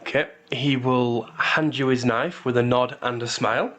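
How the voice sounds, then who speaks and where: A man running a tabletop role-playing game with a mid-pitched voice. He narrates loosely, with fillers and wry asides. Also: moderate pace. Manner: relaxed, full of fillers and restarts, wry asides. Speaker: game master.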